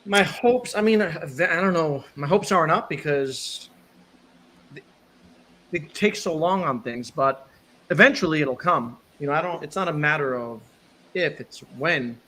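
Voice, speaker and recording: A man's voice: on the high side, unhurried, bright, forceful tone. A man chatting casually on a livestream panel, agreeable and talkative.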